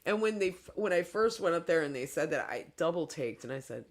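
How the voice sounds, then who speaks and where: A man from Michigan with a Midwestern American accent hosts a livestream in casual chat, laughing often and putting on silly accents. His voice is a little high with lively intonation, and he talks briskly with few pauses.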